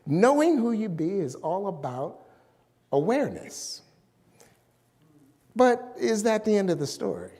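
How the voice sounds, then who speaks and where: High, lively middle-aged male minister. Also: a little slow, pauses often, breathy edge, big-room sound. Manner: emphatic, drawing out key words. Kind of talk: sermon.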